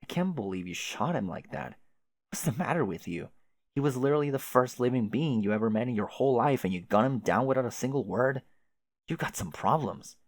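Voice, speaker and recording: A man voicing a smug, condescending male narrator who mocks his listener calmly and sarcastically. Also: mid-range voice, fairly quick, no room sound, clean studio sound, lightly acted. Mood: smug, mocking. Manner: sarcastic, mocking, calm.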